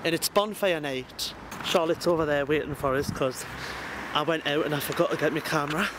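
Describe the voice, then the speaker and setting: A man's voice: a little high, brisk. Chatty young man vlogging outdoors at night. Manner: chatty, jokey, talking to viewers. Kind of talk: casual vlog narration. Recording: loud outdoor background noise. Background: traffic and outdoor noise.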